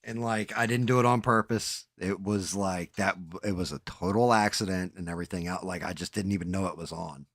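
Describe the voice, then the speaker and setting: Lower-voiced man chatting on a live stream. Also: a little fast, hardly any pauses, fairly bright tone, no room sound, studio quality. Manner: rambling, swears casually, self-deprecating. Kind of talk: casual live stream chat.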